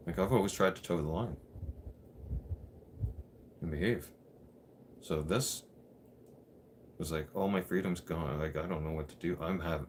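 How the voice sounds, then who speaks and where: A man's voice: low voice, slight background noise. A man in his thirties telling a personal story on his channel, candid and blunt, swearing freely.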